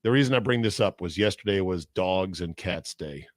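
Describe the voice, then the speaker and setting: A man's voice: deep voice, expressive, normal speed, dry recording, clean studio sound. A man hosting sports radio, bantering and laughing with his co-hosts. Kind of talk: casual sports talk.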